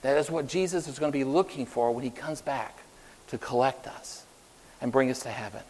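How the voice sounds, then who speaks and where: A man preaching an Easter sermon in an earnest way, rising loud and then falling soft. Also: medium pitch, long reverb tail, poor audio. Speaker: pastor.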